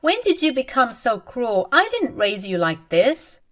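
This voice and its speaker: A woman's voice: fairly high pitch, big pitch swings, unhurried, a bit bright, voice pushed up. A woman voicing a stern, disappointed middle-aged mother in a dramatized story. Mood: scolding. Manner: scolding.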